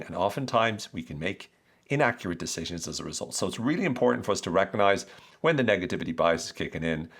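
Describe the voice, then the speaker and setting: A man hosting an educational podcast, explaining ideas in a conversational, animated way with rhetorical questions. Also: fairly low pitch. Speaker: podcast host.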